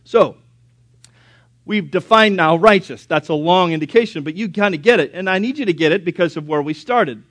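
A man preaching a sermon, emphatic and questioning his listeners, rising loud and dropping to a hush. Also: high voice, normal speed, dry recording. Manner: emphatic, questions the congregation, swings from loud to hushed.

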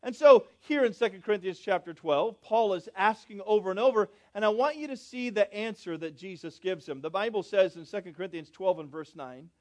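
A man with a notably high voice preaches to his congregation, surging into loud, stretched-out words and then dropping to soft, low asides. He keeps calling on his listeners with questions and asks them to say lines with him. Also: expressive, fairly quick, hardly any pauses. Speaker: pastor. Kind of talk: sermon.

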